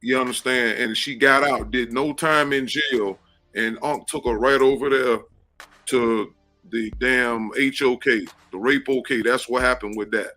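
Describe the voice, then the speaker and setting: A man's voice: mid-range voice, steady tone, a little slow, pushed and bright, soft background music. A man from Florida with a Southern accent, speaking emphatically and at length on an online panel. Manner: emphatic, rambling, repeats "you understand".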